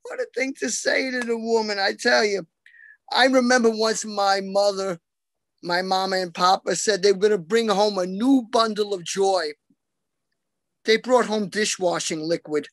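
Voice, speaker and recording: A man from New York doing deadpan, self-mocking stand-up one-liners over a video call. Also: high voice, moderate pace, dry recording. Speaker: comedian.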